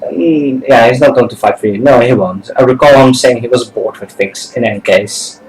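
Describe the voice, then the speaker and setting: A man casually commenting on a video game as he plays it, in a relaxed and somewhat hesitant manner. His voice sits at an ordinary middle pitch. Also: moderate pace, low-quality recording. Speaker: let's play host.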